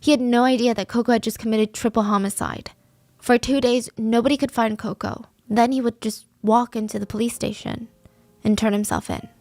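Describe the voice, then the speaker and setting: A woman's voice: a little high, fairly even intonation, a little fast, darkish tone, no echo. A woman host narrating a true-crime story in a casual, conversational podcast manner, close to the mic.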